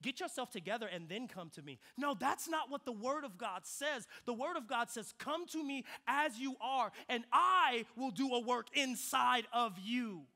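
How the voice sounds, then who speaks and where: A young adult man delivers a sermon in a notably high, bright voice. He tells stories with a lively animated sweep, sinking to hushed, reflective moments before climbing back up with energy. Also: normal speed, gravelly, hardly any pauses. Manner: animated storytelling with shifts between quiet and loud. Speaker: pastor.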